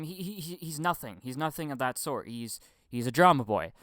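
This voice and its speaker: A young man rants about film acting, stammering, repeating words and swearing freely. His voice is smooth and mid-pitched, recorded close and dry with no room sound. He keeps breaking into mocking impressions. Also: lively intonation, moderate pace, few pauses, a bit bright, dry recording. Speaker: film commentary vlogger. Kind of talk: casual profane rant.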